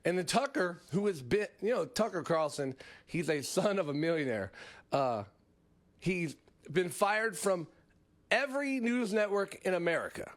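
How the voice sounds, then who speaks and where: A man hosts a comedy podcast in a loose, rambling monologue. He talks in a high voice with a lot of swing in it. He laughs often and drops mocking asides. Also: expressive, normal speed. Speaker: podcast host.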